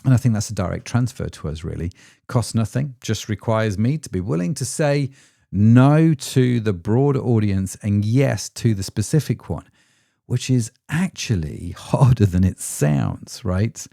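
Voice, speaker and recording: A middle-aged male podcast host talks through his thoughts solo in a chatty, self-deprecating way, often tagging on rhetorical questions. His voice sits low and mellow yet swings widely in pitch. The sound is close and dry. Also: lively intonation, measured pace, vocal fry, no room sound. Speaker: podcast host, ecommerce founder.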